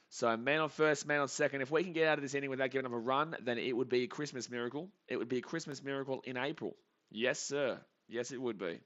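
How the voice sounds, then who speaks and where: Excitable guy calling a live baseball stream. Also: medium pitch, lo-fi sound. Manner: casual chatty commentary, reads chat aloud, excitable.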